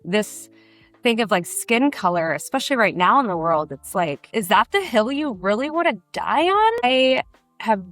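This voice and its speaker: Middle-aged woman, candid interview guest, animated storytelling, dry sound, faint music underneath. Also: mid-range voice, dry recording. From Brazil. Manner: animated, emotional storytelling with acted quotes. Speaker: burlesque performer, guest.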